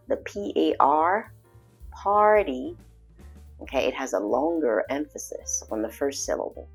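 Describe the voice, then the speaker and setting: Woman, language lesson, low raspy voice, faint music behind. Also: darkish tone. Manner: slow, deliberate demonstration of pronunciation. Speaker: French teacher.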